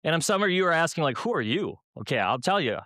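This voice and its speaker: At a church youth night, a Minnesota man appears as a guest, spinning humorous stories and asking the audience rhetorical questions. His fairly high, somewhat bright voice has a sing-song lilt and races along. There's no echo, and the sound is studio quality.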